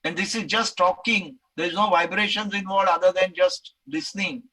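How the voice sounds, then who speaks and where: A middle-aged Indian man with an Indian English accent lectures and takes questions. His voice sits high for a man and rings bright and forceful. He talks in an animated way and acts out the voices he quotes. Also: moderate pace, husky, poor audio.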